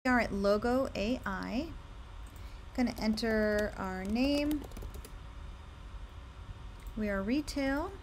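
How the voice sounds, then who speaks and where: A woman's voice: on the high side, takes it slowly, pauses often, slight background noise. A young woman talking casually as she clicks through design tools in a tutorial, upbeat and full of recommendations. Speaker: candle brand owner. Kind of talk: screen-share tutorial.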